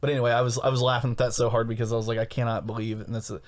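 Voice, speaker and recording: Fast-talking man hosting a podcast. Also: mid-range voice, flat delivery. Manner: rambling, restarts sentences while telling stories. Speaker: podcast host. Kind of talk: casual chat.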